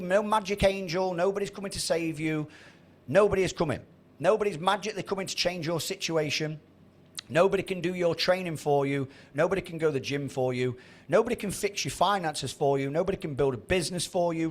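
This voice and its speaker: A man in his thirties giving a blunt, sweary motivational talk to a trading group on a video call. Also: a little high. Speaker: trading mentor.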